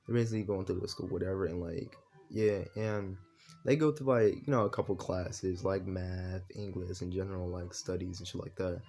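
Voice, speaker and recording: A man's voice: sits low, warm tone. A man improvising a fan story while playing a game, rambling casually with lots of fillers and swearing.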